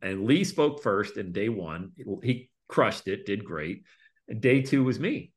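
A middle-aged man telling his story in a casual interview, animated and acting out other people's voices. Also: lowish voice, a little slow. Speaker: guest speaker and coach.

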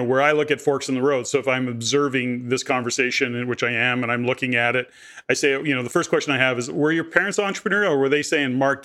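A man's voice: medium pitch, a bit bright. A man who hosts a podcast and asks long, thoughtful questions full of "you know". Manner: thoughtful, rambling questions with many fillers. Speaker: podcast host. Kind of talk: interview questions.

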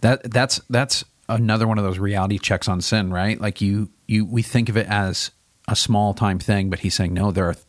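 A pastor co-hosting a podcast works through a Bible chapter in a thoughtful, casual way, growing animated whenever he voices God's questions. His voice sits on the low side at a moderate pace, in a dry, studio-quality recording.

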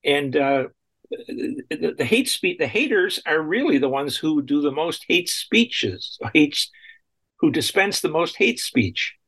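A man's voice: a little high, animated, takes it slowly, a bit bright, husky. A man co-hosting a talk radio show, speaking indignantly and often repeating and restarting his phrases.

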